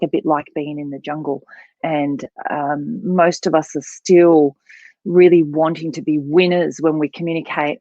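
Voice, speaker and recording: A woman's voice: low-pitched, dry recording, lo-fi sound. A woman who coaches voice and public speaking, explaining as an interview guest and showing voices as she talks. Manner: expressive, demonstrates voices while explaining.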